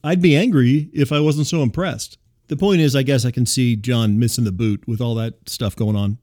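A man hosting a comic audio show, telling rambling neighborhood stories in a dry, deadpan way with wry asides. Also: medium pitch, moderate pace. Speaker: host.

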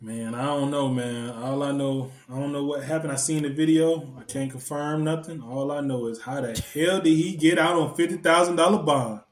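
A man co-hosting a casual podcast, talking loud and joking, laughing often. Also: a little high, fairly even intonation, normal speed, few pauses, roomy sound. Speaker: podcast co-host.

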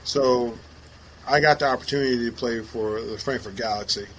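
Man, mid-pitched voice, laid-back co-host, casual chat, faint hiss. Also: moderate pace, low-quality recording. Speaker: podcast co-host.

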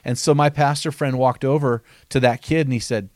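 A man speaks at a middle pitch in an earnest, conversational podcast manner, teaching through stories. He reads quotes aloud and often repeats words as he restarts a thought. The recording is dry and close, with no room echo. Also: steady tone, a little fast, a little mellow. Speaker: author and podcast host.

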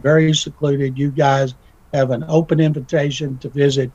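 Here a man's mid-range voice stays level and a little mellow at normal speed as he chats folksily on the radio as a guest commentator. He tells stories, performing small voices for the people he quotes. The recording is muffled and dry, with no room sound.

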